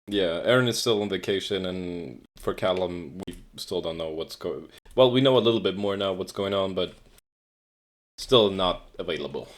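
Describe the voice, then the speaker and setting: A man's voice: low-pitched, moderate pace. A young man co-hosting a podcast, casually and dryly breaking down competitive game matches. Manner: laid-back, dry, explains plays step by step. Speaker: podcast co-host. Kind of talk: casual gameplay commentary.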